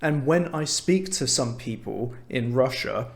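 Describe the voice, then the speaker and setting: A man's voice: medium pitch, expressive, creaky. A young man from England with an English accent, speaking as a tutor in a frank, earnest lesson video. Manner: unhurried, earnest, frank opinions.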